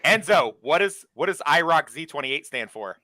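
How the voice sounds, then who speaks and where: A man's voice: on the high side, moderate pace, no echo. A man telling jokes on a casual stream, acting out the characters' lines as he goes. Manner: animated storyteller, acts out characters' lines.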